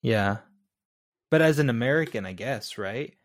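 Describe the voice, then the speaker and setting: A man's voice: medium pitch, animated, normal speed, no room sound, studio quality. A man co-hosting a casual movie review podcast, blunt, wry and opinionated. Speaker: podcast co-host.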